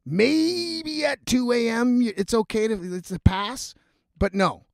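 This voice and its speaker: Brief: young male vlogger, swears constantly, restarts a lot, high-pitched voice, dry booth-like sound. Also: slow pace, gravelly, no room sound. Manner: profane, rambling, animated storytelling with restarts. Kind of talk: casual storytelling vlog.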